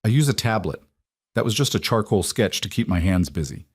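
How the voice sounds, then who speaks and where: A man's voice: lowish voice, animated, brisk, breathy edge, no echo, studio quality. A man doing a jumpy, defensive young artist. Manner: tense and defensive. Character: nervous young male artist, defensive and guarded.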